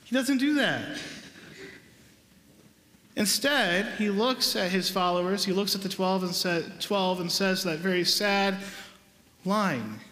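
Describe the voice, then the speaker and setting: A priest delivers a sermon with a high, bright male voice, stressing his points and tossing rhetorical questions to the pews. His words ring out through a large church with a long, echoing tail. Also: a little slow. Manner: emphatic, conversational preaching with rhetorical questions. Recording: echoey church with long reverb.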